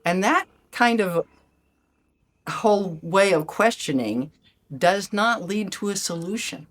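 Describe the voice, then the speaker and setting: An older woman hosting a solo talk as a life coach, gentle and animated, acting out the questions she quotes. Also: medium pitch, slow pace. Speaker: podcast host, life coach. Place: lives abroad in Ecuador.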